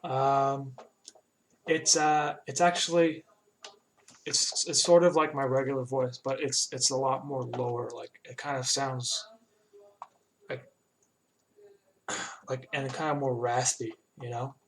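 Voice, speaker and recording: A man in a home studio talks through his work in an easygoing, halting way, dropping fillers and starting sentences over. His voice sits at an ordinary middle pitch. Faint keyboard typing and mouse clicks carry under him. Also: slight background noise. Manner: relaxed, halting, many fillers and restarts. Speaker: animator streaming his work. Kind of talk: casual live-stream chat while working.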